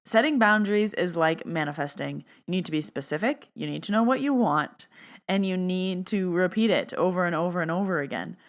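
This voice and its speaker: A woman hosting a podcast as a spiritual medium, chatty and emphatic, turning loud and stern when she stresses a point. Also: on the low side, expressive, brisk. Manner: emphatic, stern and loud when quoting her own boundary commands; chatty, with "like" fillers and playful asides. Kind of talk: casual solo podcast talk.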